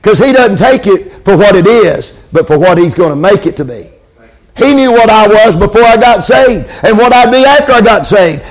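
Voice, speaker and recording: A preacher with a fairly high voice delivers his sermon. He calls for amens and repeats his lines for emphasis. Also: animated, brisk.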